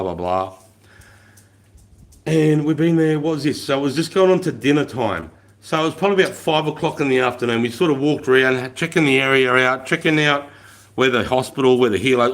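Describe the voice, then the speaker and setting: A middle-aged Australian army veteran hosts a livestream, casually telling war stories, swearing often and laughing as he goes. His voice is medium-pitched with a fairly bright tone.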